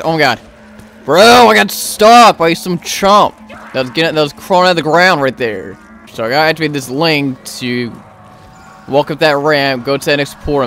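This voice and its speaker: A young man giving gameplay commentary as a gaming YouTuber, excitable and slangy, often yelling in panic. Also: fairly high pitch, a little hiss or hum.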